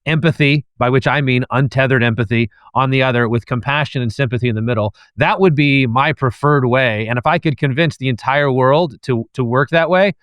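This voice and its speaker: A man's voice: medium pitch, fairly quick, hardly any pauses, fairly bright tone, clean tone, no room sound. A man who is a guest author and professor, thoughtfully laying out an analogy step by step in a discussion. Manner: thoughtful, lays out ideas step by step.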